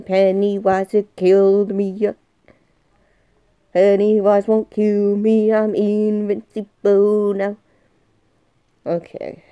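A woman's voice: medium pitch, completely flat delivery, slow pace, pauses often, smooth, dry recording, dull audio. A woman in her twenties commenting on a game she is playing, jumpy and swinging from muttering to shrieking. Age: 20s. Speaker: gaming youtuber. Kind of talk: excited let's-play commentary.

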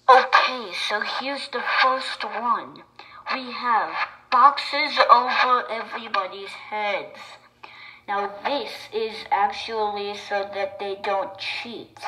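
A woman giving chatty, excitable reaction commentary to her viewers, with sudden loud bursts. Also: mid-range voice, rough recording. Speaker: video creator.

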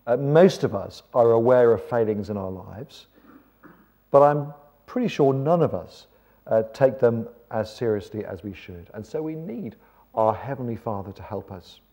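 An Englishman delivers a sermon-style seminar talk in a medium-pitched, expressive voice at normal speed. He keeps it conversational, with rhetorical questions and wry asides, though the audio sounds dull.

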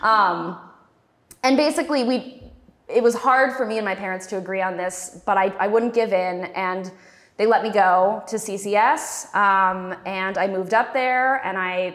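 A woman's voice: mid-range voice, fairly bright tone. Chatty young woman telling her story. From Texas. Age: 20s. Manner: chatty, self-deprecating, frequent ums. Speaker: cartoonist guest speaker. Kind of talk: festival talk, personal storytelling.

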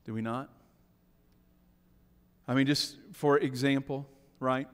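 A middle-aged man preaching a sermon as a pastor, moving between hushed, intimate lines and emphatic, raised declarations, often checking in with the congregation. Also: medium pitch, fairly even intonation, takes it slowly, clear, resonant tone. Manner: swings between hushed asides and emphatic raised lines, keeps asking "right?". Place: church sanctuary. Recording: long church reverb.

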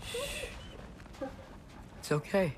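An actor playing an earnest, gentle, determined teenage boy in a video game. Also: high voice, huge pitch swings, extremely slow, noisy background, heavily acted.

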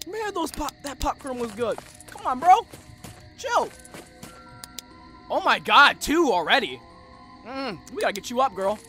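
Panicky high-voiced horror gamer. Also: sing-song, unhurried, long pauses, soft background music. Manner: panicky, repeats phrases, yelps and shouts at the game. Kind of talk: horror game let's play commentary.

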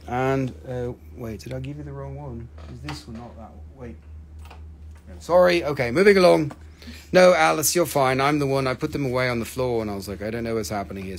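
A man hosting a live stone sale stream, joking and rapidly reading out prices and item codes. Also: medium pitch, a little hiss or hum. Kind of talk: live stream sales chat.

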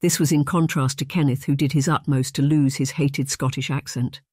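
Audiobook narrator, measured storytelling, mid pitch, dry close recording. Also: fairly even intonation, a little mellow, dry recording.

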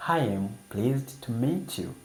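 Slow, lively teacher drilling phrases; echoey room. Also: medium pitch. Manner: repeats each phrase twice. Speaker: language teacher. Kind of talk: reading phrases for learners.

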